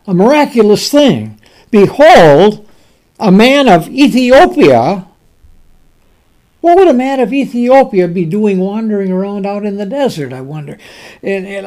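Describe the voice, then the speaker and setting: A man preaching a sermon and reading scripture in King James wording. He speaks emphatically, with dramatic pauses and sudden swings between loud and soft. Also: sits high.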